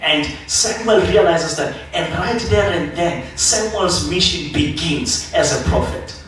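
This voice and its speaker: Brief: male preacher, high-ish voice, animated storytelling sermon, booming church hall, mic at a distance. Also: unhurried, a little hiss or hum. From South Africa. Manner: animated storytelling, acting out biblical figures. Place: church sanctuary. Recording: echoey church hall from far off.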